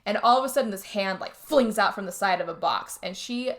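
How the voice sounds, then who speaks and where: A woman casually retelling a movie plot on a podcast, chatty and animated, jumping into higher voices for the characters. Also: a little fast. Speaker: podcast co-host. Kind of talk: casual movie recap chat.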